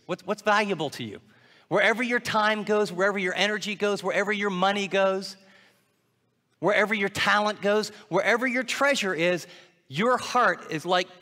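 A man's voice: a little high, a bit bright, big-room sound. A man preaching a sermon, acting out his listeners' doubts in quoted asides. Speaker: pastor.

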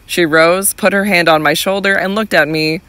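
A male audiobook narrator with a notably high voice reads in a measured, literary way. The sound is close and dry, with no room echo. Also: fairly even intonation, pushed and bright, smooth. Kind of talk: scripted narration.

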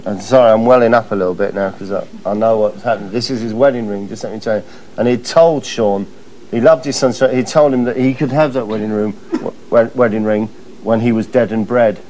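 A man's voice: fairly low pitch, fairly quick, darkish tone, a little hiss or hum, rough recording. A man hosting a comedy show, introducing clips with mock-dramatic asides and frequent laughter. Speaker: host presenting clips. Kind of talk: comic presenting.

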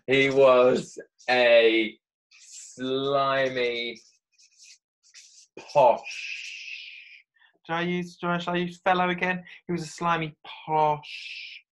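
Speaking in a mid-range, slightly bright voice, a primary school teacher runs a children's writing lesson from home. He thinks aloud while drafting and chats with his pupils.

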